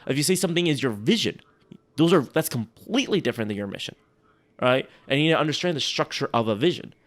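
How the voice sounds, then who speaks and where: A man's voice: mid-range voice, animated, quick pace. Man, co-host, casual chat, rambling, self-interrupting, joking. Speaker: podcast co-host. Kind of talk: casual chat critiquing sales emails.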